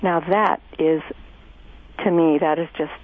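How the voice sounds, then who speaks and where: A woman's voice: low-pitched, fairly even intonation, measured pace. A woman therapist hosting an interview, talking in an effusive, enthusiastic way with many restarts. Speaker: host and therapist. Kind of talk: conversational interview. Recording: phone-like lo-fi radio audio.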